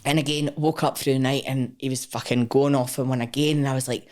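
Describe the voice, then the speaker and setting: A powerlifter from Scotland, guesting on a podcast, speaks briskly in a very deep voice with a Scottish accent. Her candid personal storytelling is frank and expressive, full of swearing and acted-out quotes from people.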